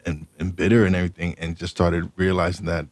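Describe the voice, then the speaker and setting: A man hosting a podcast, talking in a halting way and repeating his words as he tells his story. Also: low voice, little pitch movement, a little mellow, no echo. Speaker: podcast host. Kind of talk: casual interview chat.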